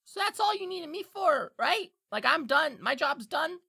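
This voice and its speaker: A woman's voice: high-pitched, very animated, moderate pace, vocal fry, pushed and bright, pitched above the performer's own voice, exaggerated voice. A woman voicing a nervous, fidgety little male imp in a tabletop game, rambling and pleading. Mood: relieved.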